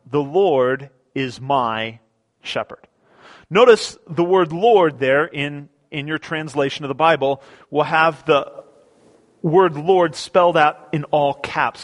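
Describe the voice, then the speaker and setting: A male pastor preaching a Sunday sermon from the pulpit, his voice sitting slightly above the usual male range. He talks in a relaxed, conversational way, often doubling words as he restarts a thought. At times he drifts a little off his microphone. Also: fairly high pitch. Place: church sanctuary.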